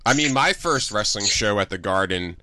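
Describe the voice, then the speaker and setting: A man's voice: fairly low pitch, animated, moderate pace, sharp tone, dry recording. A man in his thirties, co-hosting a podcast interview in casual, rambling talk with many fillers and restarts. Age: 30s. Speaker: podcast co-host.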